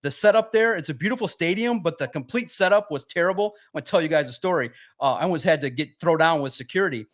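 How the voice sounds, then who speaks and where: A man guesting on a sports podcast, telling stories in an animated way and swearing freely. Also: fairly high pitch, fast talker, hardly any pauses. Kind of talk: casual podcast chat.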